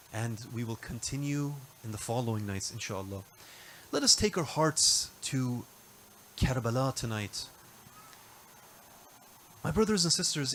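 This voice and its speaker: A man's voice: mid-range voice, a bit bright, a little hiss or hum. A man preaching a mourning sermon in a mosque, earnestly addressing the congregation.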